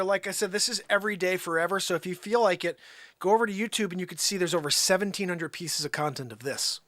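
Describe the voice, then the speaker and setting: A man's voice: high-pitched, quick pace, fairly bright tone, dry recording, faint music behind. A man hosting a livestream, chatting casually and rambling with many fillers. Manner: rambling, full of "you know" fillers. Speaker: host.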